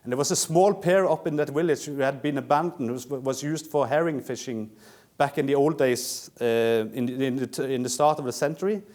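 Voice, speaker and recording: A man's voice: medium pitch, a little fast, a little mellow. A man from Norway with a Norwegian accent, giving a history lecture in English, telling it as a story and often restarting words. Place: lecture room.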